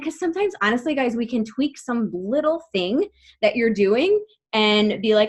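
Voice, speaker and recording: A woman in her thirties leads a team call as a motivational coach. Her voice sits slightly high, and she speaks in an upbeat, emphatic way with frequent laughter. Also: animated, moderate pace.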